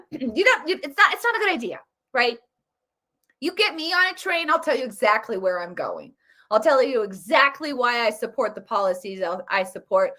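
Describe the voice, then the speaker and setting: A woman's voice: on the high side, big pitch swings, moderate pace, bright, forceful tone. A woman giving casual political commentary, emphatic and repeating her points. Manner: emphatic, repetitive.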